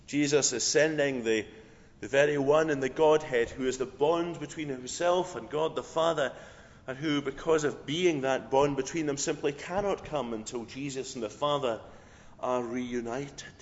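A man preaching a sermon with a hoarse voice, measured and reflective, with a storyteller's flair. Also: mid-range voice. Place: church. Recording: dull sound, long hall reverb.

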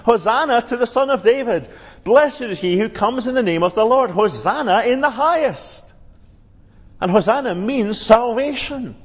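High-voiced male preacher in an echoing hall. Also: husky. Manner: earnest, emphatic preaching, rising on quoted cries. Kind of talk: sermon expounding scripture. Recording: lo-fi with long hall reverb.

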